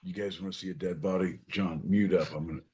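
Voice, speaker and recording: A man hosting a podcast, swearing constantly and swinging from shouting to mumbling. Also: low voice, steady tone, fast. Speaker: podcast host. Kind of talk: crude comedic banter.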